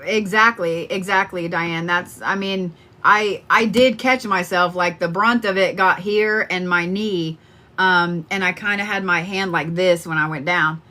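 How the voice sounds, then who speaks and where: Bright-voiced, swearing woman chatting live. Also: fairly low pitch, steady tone, a little slow. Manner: chatty, rambling and freely profane. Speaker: psychic card reader hosting a live stream. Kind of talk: casual live-stream chat to viewers.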